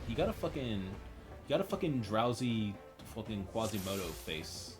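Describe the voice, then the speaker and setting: A man's voice: fairly low pitch, very animated, moderate pace. Man, game streamer, crude jokey banter, muttering to himself, faint music behind. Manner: crude, joking, talks to himself and the characters. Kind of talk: casual gameplay commentary.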